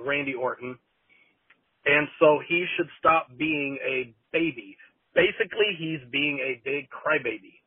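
A man's voice: a little high, slightly rough, no echo. Man ranting over a tinny phone line. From Texas. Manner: rambling, hesitant, with many fillers. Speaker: caller leaving a voicemail. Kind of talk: casual voicemail rant.

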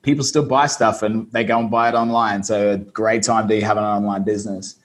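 A man's voice: lowish voice, fairly even intonation, fairly quick. An Australian man, a business-owner guest, telling his story in a casual, self-deprecating way over a video call. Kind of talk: casual interview.

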